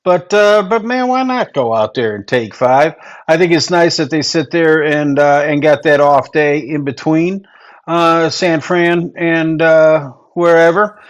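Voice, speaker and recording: Slightly high-voiced and a little slow, this man co-hosts a relaxed sports show. He's chatty and easygoing, sprinkling in lots of fillers such as "you know."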